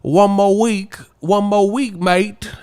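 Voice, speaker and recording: A man's voice: sits high, steady tone, takes it slowly, darkish tone, smooth, pitched above the performer's own voice. Man doing a mocking British fan voice. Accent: put-on British. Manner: exaggerated, sing-song mockery.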